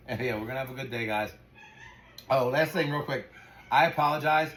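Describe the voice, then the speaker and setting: A man's voice: medium pitch, fairly quick, long pauses, a bit bright. A man running a dog sanctuary, ranting in frustration and swearing freely as he talks casually to camera. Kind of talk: casual vlog talk to camera. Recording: echoey room with faint noise.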